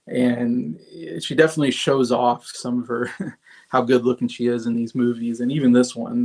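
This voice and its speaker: A man's voice: mid-range voice, a little mellow. A man in his thirties hosting a casual livestream, reviewing movies in a rambling way with many fillers and restarts and chatting with viewers. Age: 30s. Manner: chats with viewers in the comments.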